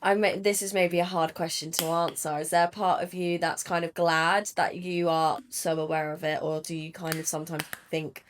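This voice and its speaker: A woman hosts a podcast interview and keeps the talk going with encouraging questions. Her voice sits on the lower side. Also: level tone, normal speed, few pauses, a little hiss or hum. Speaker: podcast host. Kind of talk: interview conversation.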